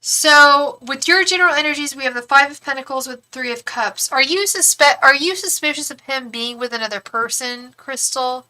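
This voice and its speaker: Bright-voiced woman reading tarot live. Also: high-pitched, normal speed, few pauses. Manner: frank, profane, chatty with many fillers. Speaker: tarot reader and psychic.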